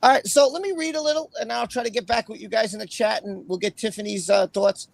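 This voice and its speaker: A man hosting a casual livestream with a raspy voice, chatting and then reading a court opinion aloud in a rambling way. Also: high voice, quick pace, no room sound. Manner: rambling, chatty, with fillers and repeated phrases. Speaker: livestream host.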